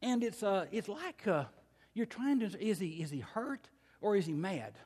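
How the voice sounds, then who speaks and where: An older man preaching a sermon, telling a folksy family story with slow, emphatic pauses. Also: high-pitched, lively intonation, darkish tone, breathy edge. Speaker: pastor. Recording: long hall reverb.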